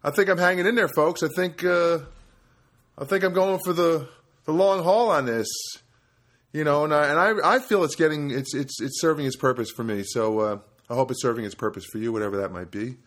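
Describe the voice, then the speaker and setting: Talking fairly quickly in a voice on the high, bright side, the middle-aged podcast host from New Jersey records alone in his studio apartment. He drifts from point to point, cutting in on himself as he tells his stories.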